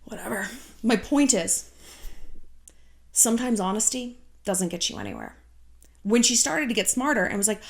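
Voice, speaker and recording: A woman's voice: a little high, sing-song, normal speed, creaky, pauses often. A woman in her thirties giving blunt, sarcastic dating advice to camera, swearing freely and slipping into mock voices. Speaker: YouTube dating advice host. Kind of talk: casual advice monologue to camera.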